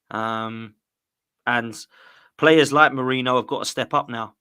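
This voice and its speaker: A man's voice: medium pitch, measured pace, sharp tone, smooth. A man in a casual football chat, ranting with exasperation and slang. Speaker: guest co-host.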